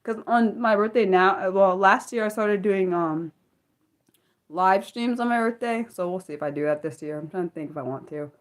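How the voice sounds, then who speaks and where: Her voice sits in the mid range and moves at a moderate pace. She's a young American livestream host, unscripted and chatting with her audience through lots of fillers, restarts, and rambling.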